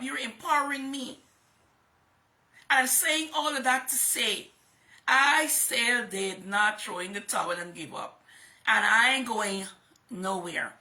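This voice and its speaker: A woman's voice: on the high side, creaky, sharp tone. A woman hosting a livestream, giving an emphatic motivational talk and repeating phrases for stress. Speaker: host and motivational speaker.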